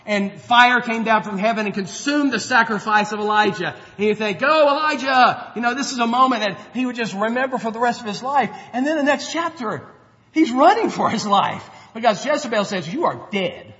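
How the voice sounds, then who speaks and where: A man's voice: extremely high pitch, fairly quick, bright, forceful tone. A man preaching a sermon as a pastor, earnest and conversational, acting out quotes as he goes. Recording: dull lo-fi sound with long hall reverb.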